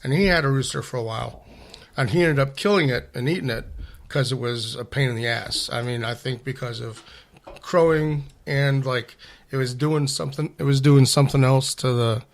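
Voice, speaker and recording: A man's voice: mid-range voice, normal speed, creaky. A man in a casual podcast conversation, talking bluntly and emphatically with frequent profanity.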